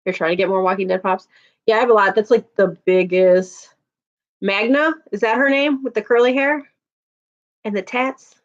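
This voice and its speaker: A woman's voice: medium pitch, moderate pace, dull audio. A woman in her thirties chatting casually on a live stream, laughing often and answering viewer comments.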